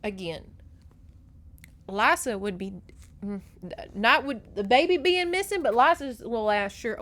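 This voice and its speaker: A woman's voice: fairly high pitch, measured pace, pauses often. A woman podcast host recapping a novel in a casual, gossipy way, swearing freely and slipping into the characters' voices. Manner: animated, profane, gossipy storytelling. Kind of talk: casual book recap with acted-out dialogue.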